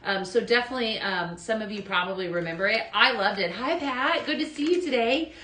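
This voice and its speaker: A woman hosts a live selling show in a chatty, upbeat way, greeting viewers as she demos products. Her voice is bright and forward, and the room around her rings with echo. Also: mid-range voice, a little fast. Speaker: host of a live shopping show. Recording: echoey room.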